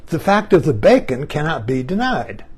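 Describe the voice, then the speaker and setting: A man's voice: a little high, very animated, moderate pace, a little mellow, slightly rough. An older man musing in a rambling monologue, repeating himself and chuckling as he turns his ideas over. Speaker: online talk host. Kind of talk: reflective monologue.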